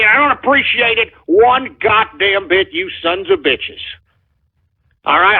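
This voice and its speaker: This call-in radio host has a very high voice that is gravelly and a bit rough. He swears at his listeners in an angry rant, hurling insults at trolls. The sound is tinny, as if over a phone.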